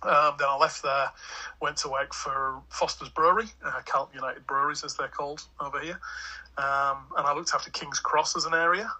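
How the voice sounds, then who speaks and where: A man's voice: on the high side, fairly even intonation, fairly quick, pushed and bright, low-quality recording. A man in his forties from Hull with an English Hull accent, a podcast guest chatting casually and rambling with lots of fillers and restarts. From England (Hull). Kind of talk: casual chat.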